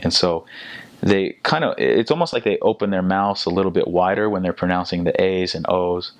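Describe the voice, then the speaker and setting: A young American man, a returned missionary, telling a story casually in a relaxed, halting way, full of fillers and restarts. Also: low voice, dry recording. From United States.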